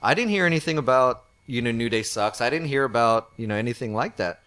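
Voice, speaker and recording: A man's voice: mid-range voice, animated, fast talker, fairly bright tone. A man co-hosting a podcast, talking casually and rambling with many fillers and restarts. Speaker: podcast co-host. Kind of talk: casual wrestling review chat.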